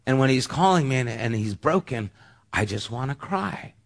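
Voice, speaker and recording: A middle-aged male pastor preaching with earnest conviction. His voice sits at an ordinary pitch, but he swings between loud, emphatic lines and soft, hushed ones that fall almost to a whisper. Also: animated, moderate pace, vocal fry. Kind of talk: sermon.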